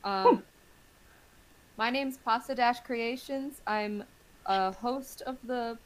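A woman in a casual group chat, speaking softly and unhurriedly. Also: fairly high pitch, takes it slowly, low-quality recording. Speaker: project host and voice actor.

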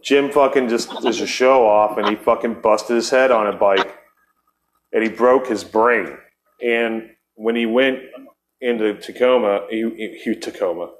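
A man's voice: lowish voice, measured pace, a little hiss or hum. A middle-aged man hosting a podcast, telling a long story in a loose, profane, rambling way and acting out the people he quotes. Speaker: podcast host. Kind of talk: casual storytelling chat.

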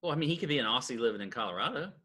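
A man co-hosting a casual podcast, telling stories in a chatty, animated way. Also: mid-range voice, very fast. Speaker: podcast co-host.

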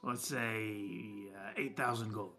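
A man voicing a pushy, hard-of-hearing old male gun merchant who shouts to be heard. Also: on the low side, steady tone, takes it slowly, soft background music, heavily acted. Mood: salesy.

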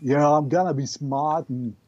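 A man doing an impression of a male action star, talking slowly and stiffly like a machine. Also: fairly high pitch, fairly even intonation, lo-fi sound, a crowd in the background, lightly acted. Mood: deadpan.

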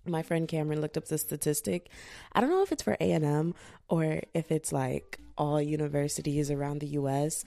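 Deep, warm, and fairly quick with vocal fry, her voice carries a casual, chatty podcast she hosts from bed indoors. The fatigued twentysomething is loose and profane, slipping into impressions when she quotes people.

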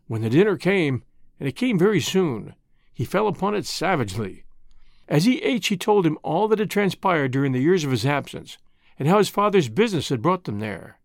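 A narrator reads a classic short story in a measured way, the pitch lively and full of movement. The voice is dry and close, with no room sound around it. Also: no room sound.

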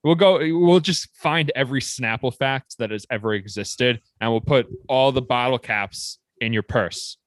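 A man co-hosting a casual sports chat, relaxed and teasing, checking stats as he talks. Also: medium pitch, normal speed, hardly any pauses, no echo. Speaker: podcast co-host.

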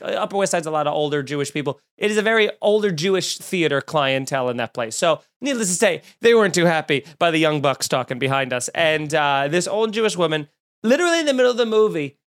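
A man, hosting a podcast and telling a story in a loose, animated way, swearing freely and jumping up in pitch when he gets worked up. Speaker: podcast host. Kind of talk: casual storytelling.

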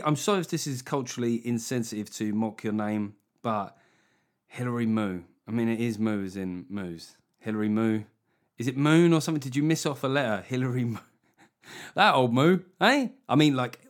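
Brief: English man in his thirties, comic podcast host, sweary and teasing, mid-pitched everyday voice. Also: expressive, a little mellow. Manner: sweary, mocking, jokey with quick asides. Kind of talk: casual comic podcast chat.

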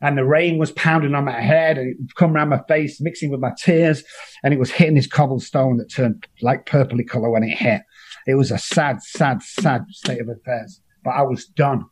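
A man's voice: mid-range voice, fairly even intonation, moderate pace, slightly rough. A man, telling his own story as an interview guest in an earnest, emotional way. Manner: earnest, emotional, acts out quoted voices. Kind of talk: personal storytelling.

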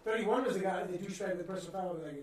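Casting note: male podcast co-host, animated and profane storyteller, heard from off mic in a very echoey room. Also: sits high, very fast, recorded from a distance, crowd noise. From Massachusetts. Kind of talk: casual chat. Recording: roomy sound from off mic.

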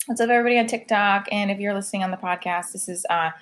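A woman's voice: mid-range voice, racing, a bit bright. Chatty rambling woman podcast host. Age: adult mother of a school-age child. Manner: rambling and chatty, heavy use of "like". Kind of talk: casual confessional chat.

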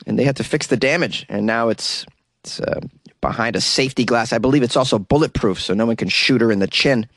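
A male comedian hosting a comedic news podcast, delivering the stories with wry, deadpan asides. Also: on the high side, dry recording. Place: inside a closet.

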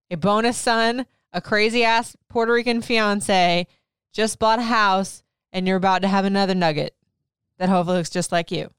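A woman's voice: lowish voice, clear, resonant tone, no echo. Candid woman chatting with a close, dry sound. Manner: candid, laughing, lively storytelling. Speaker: podcast host. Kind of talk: casual personal chat.

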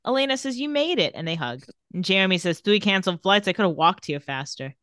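A woman co-hosting a casual recap podcast, retelling scenes and reading lines of dialogue in a flat, even voice. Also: mid-range voice, fast talker, dry recording, clean studio sound. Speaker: podcast co-host.

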